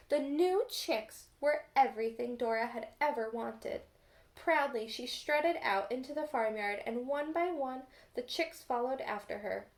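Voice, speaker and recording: A woman reading a storybook aloud to children as a teacher, gently pausing to ask them questions. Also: fairly high pitch.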